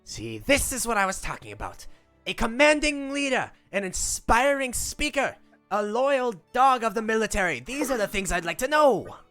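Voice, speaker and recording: A man voicing a small, gravelly male gnome official who is eager and a little pompous, with a habit of saying "yes, yes.". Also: extremely high pitch, sing-song, normal speed, bright, forceful tone, soft background music, heavily acted. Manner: fussy, repeats "yes, yes".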